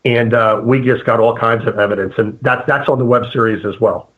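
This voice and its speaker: A male guest paranormal investigator in a casual interview, speaking haltingly with many fillers and restarts. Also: mid-range voice, fairly even intonation, fairly bright tone. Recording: phone-like narrow sound.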